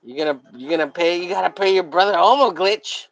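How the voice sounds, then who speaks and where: A man's voice: high-pitched, a little fast, fairly bright tone, highs cut off. A man hosting a casual live drawing stream. He rambles profanely and laughs at his own jokes.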